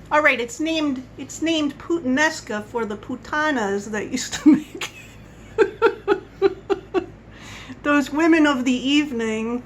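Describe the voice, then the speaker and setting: Woman vlogger, casual home chat, bright and slightly high voice, rambling and tangent-prone. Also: a little hiss or hum, rough recording. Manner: rambling, chatty, goes off on tangents. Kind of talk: casual coffee-chat monologue.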